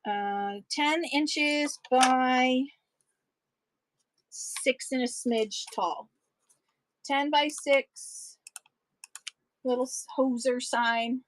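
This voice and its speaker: Speaking extremely slowly and pausing often, a live-stream seller with a high-sitting voice chats enthusiastically while offering vintage items, rambling from one piece to the next. The low-quality recording carries slight background noise.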